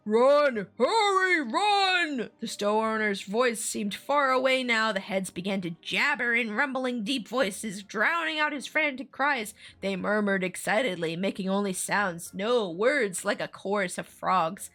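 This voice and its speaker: A woman's voice: mid-range voice, unhurried, hardly any pauses, bright, forceful tone. A woman streamer reading a scary children's story aloud in an ASMR stream, with playful asides.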